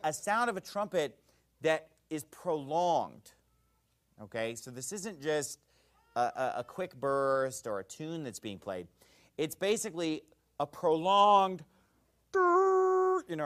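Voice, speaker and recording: A man preaching an expository sermon, animated and folksy, often checking in with his listeners. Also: on the high side, unhurried.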